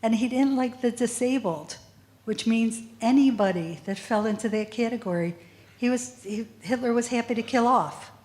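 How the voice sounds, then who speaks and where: A woman's voice: on the high side, normal speed, darkish tone, breathy edge. A middle-aged woman, the child of a Holocaust survivor, answering student questions at a school assembly, earnest and at times close to tears. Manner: emotional, tearful at times, earnest.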